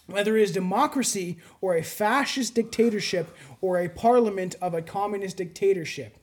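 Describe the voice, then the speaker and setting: Stern older official, read out in a high voice by a man quoting him. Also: a little fast, lightly acted. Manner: reading a quote aloud, slightly theatrical.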